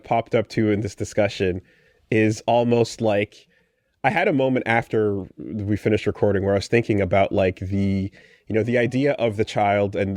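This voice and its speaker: Man, podcast co-host, animated sarcastic talk, dry close sound. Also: fairly low pitch, no echo. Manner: animated, restarts often, sarcastic asides. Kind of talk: casual podcast discussion.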